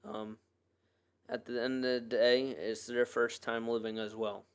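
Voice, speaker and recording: A man's voice: mid-range voice, flat delivery, a little slow, clean tone. A man hosting his own podcast and talking alone in a loose, earnest, rambling way, full of fillers and restarts. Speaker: podcast host. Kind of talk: casual solo podcast monologue.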